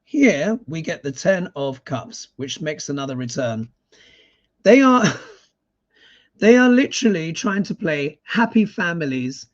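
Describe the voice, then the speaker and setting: A man's voice: on the high side, lively intonation, unhurried. A man giving a live tarot reading in casual, sarcastic talk, often tagging his points with a questioning "yeah?". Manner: sarcastic, emphatic, keeps adding "yeah?" tags. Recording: dull lo-fi sound.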